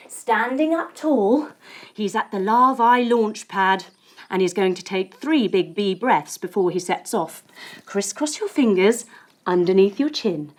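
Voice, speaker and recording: Animated woman leading kids' story yoga. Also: fairly high pitch, measured pace, faint music behind. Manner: animated and playful, with sound effects. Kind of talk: storytelling yoga lesson for children.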